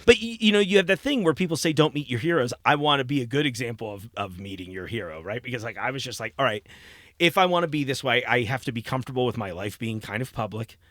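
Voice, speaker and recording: An American man in his forties tells stories with lively, swooping intonation and frequent laughter. His voice is bright and forward, recorded close and dry. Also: mid-range voice, quick pace, no echo. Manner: animated, laughing storyteller. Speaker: podcast guest. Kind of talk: casual chat.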